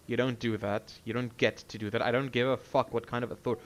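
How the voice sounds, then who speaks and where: A man's voice: medium pitch, fairly even intonation, fairly quick. A man streaming a video game, ranting heatedly and swearing freely. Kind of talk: casual game livestream chat.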